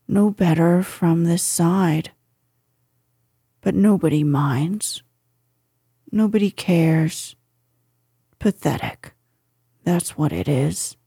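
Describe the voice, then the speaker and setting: Gloomy old donkey guy as a lady reads him, low and mopey, husky and dark. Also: dry recording, studio quality, full character voice. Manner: mournful, slow, self-pitying.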